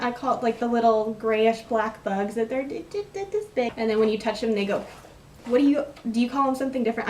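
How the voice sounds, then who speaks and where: A woman's voice: medium pitch, a little mellow, echoey room, far from the mic, slight background noise. A young woman from Texas with a Texan accent, chatting casually and rambling through an accent tag vlog. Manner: chatty, rambling, self-deprecating. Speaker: vlogger.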